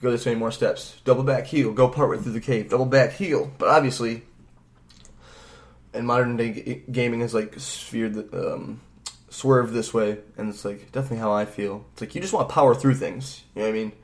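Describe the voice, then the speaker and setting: A man's voice: medium pitch, fairly even intonation, brisk. A man co-hosting a podcast, rambling casually about a video game, swearing freely and acting out bits of dialogue. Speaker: podcast co-host.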